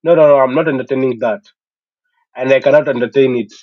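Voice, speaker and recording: A man's voice: medium pitch, fast talker, no echo. A man hosting a casual football chat stream, talking in an emphatic, opinionated way with many "you know" fillers. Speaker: sports talk stream host. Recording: dull lo-fi dry sound.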